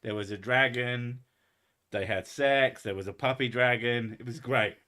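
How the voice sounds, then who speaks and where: A man with an English accent that blends posh and Essex, chatting on a stream. His voice is bright and forward. He jokes and swears freely. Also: medium pitch, unhurried. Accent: English, mix of posh and Essex. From England. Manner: sweary and joking. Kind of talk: casual stream chat.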